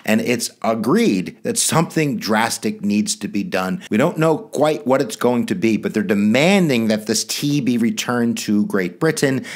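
A man's voice: lowish voice, unhurried, few pauses. A middle-aged man giving a casual, jokey history lecture to students as their teacher. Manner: lively, jokey, talks straight to students.

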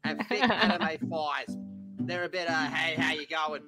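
A man's voice: fairly high pitch, moderate pace, lightly acted. A man voicing a boastful, crude bogan gamer streamer in a broad Australian accent, swearing and laddish. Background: music under the voice.

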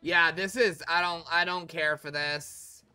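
Exasperated woman streamer, bright voice. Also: on the low side, fairly even intonation, a little slow, smooth, soft background music. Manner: frustrated, swearing, exasperated. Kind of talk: live game stream commentary.

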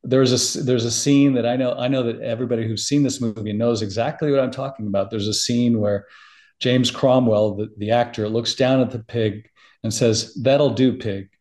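A middle-aged man, a podcast guest, talking in casual interview chat with an emotional, animated storytelling manner. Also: medium pitch, a little fast.

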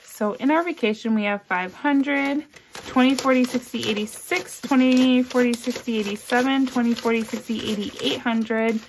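A woman vlogging about her budget, counting cash aloud in a soft, low murmur and chatting in an upbeat way between counts. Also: fairly even intonation, moderate pace, slight background noise. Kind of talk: casual cash-stuffing vlog.

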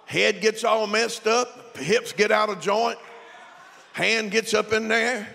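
A male pastor preaching a sermon, animated and comic, rising to shouts at his peaks. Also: high-pitched, slow pace, creaky. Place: church sanctuary. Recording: long reverb in a church.

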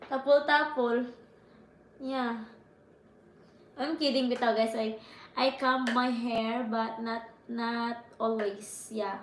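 A young woman with a Cebuano Filipino accent hosts a casual live stream, giggling and reading comments aloud. Her voice sits high, and she speaks in a very slow, drawn-out way. The sound carries an echo from the room. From Philippines. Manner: giggly, playful, mixes in local words.

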